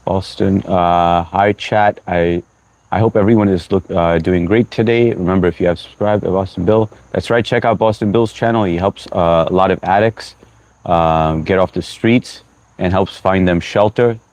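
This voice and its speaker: A young man from the US chats casually on a livestream, his voice sitting a bit low and recorded dry and close. He greets each viewer by name, slips in a few Hindi phrases, and admits he is running short on sleep. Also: fairly even intonation, normal speed, darkish tone, no echo. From United States. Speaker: livestream host.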